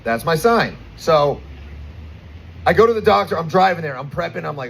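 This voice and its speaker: A man in his twenties with an American accent, doing a crude stand-up set with animated, acted-out stories, performing outdoors at a bar. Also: on the high side, a little fast, creaky, a little hiss or hum, poor audio. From United States. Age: 20s. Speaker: stand-up comedian.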